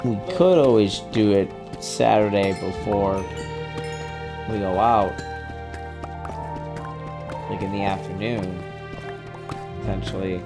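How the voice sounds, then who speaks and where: A man's voice: fairly low pitch, takes it slowly, pauses often, music in the background. A young man in his twenties streaming a game, chatting loosely and swearing often. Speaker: gaming streamer. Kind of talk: casual gaming chat.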